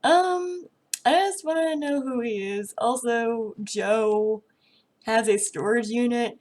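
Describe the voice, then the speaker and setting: A young woman reaction vlogger rants about a TV episode, sounding exasperated and sarcastic, with plenty of swearing. Her voice is fairly high and darkish in tone, and she speaks slowly.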